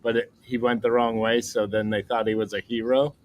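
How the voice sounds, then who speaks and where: A man's voice: medium pitch, little pitch movement, a little fast, a little hiss or hum. Rambling, laughing man co-host. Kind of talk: casual comedic chat.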